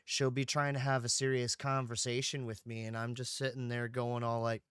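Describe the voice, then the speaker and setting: Give me a male streamer chatting casually and cursing a lot, mid-pitched, dry sound. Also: little pitch movement, moderate pace, fairly bright tone, clean tone, no room sound. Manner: rambling, profane, keeps saying dude. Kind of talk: casual livestream chat.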